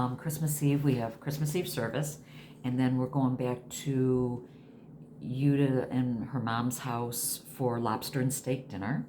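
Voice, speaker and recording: A woman's voice: very deep voice, steady tone, unhurried, mellow, a little hiss or hum. A woman in her sixties chatting casually to camera at home, rambling from one thing to the next. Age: 60s. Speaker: vlogger.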